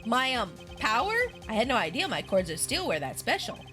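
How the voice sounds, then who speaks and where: A woman's voice: on the high side, big pitch swings, brisk, bright, forceful tone, soft background music, pitched below the performer's own voice. A woman voicing an earnest, slightly flustered young male defense lawyer.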